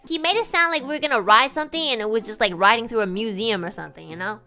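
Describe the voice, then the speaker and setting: This is a woman streamer telling a story in casual chat. Her voice sits high and sounds bright and sharp. She talks in an animated way, cursing and laughing, with soft music playing faintly behind her. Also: racing, hardly any pauses.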